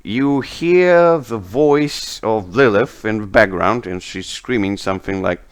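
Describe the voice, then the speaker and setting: A man narrating a tabletop game as game master, chatty and relaxed, laughing often. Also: on the low side, a little slow, few pauses. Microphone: home microphone, online session.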